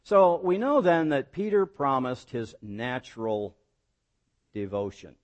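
A man preaching a sermon as pastor, voicing quoted lines with rising emphasis and dropping low on key words. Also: slow pace, dull audio.

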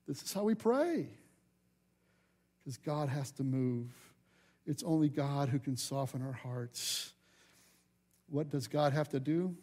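A male pastor with a notably high-pitched voice preaches to his congregation. He is animated and conversational, and he acts out the people in the story and throws questions to the pews. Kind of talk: sermon.

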